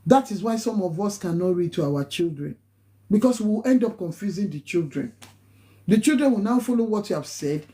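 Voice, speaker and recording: A woman's voice: mid-range voice, lively intonation, a little fast, warm tone. A Nigerian-accented woman, a nurse, giving casual live-stream advice in an emphatic, preachy way, repeating phrases for stress and slipping into pidgin. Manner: slips into pidgin and Yoruba phrases.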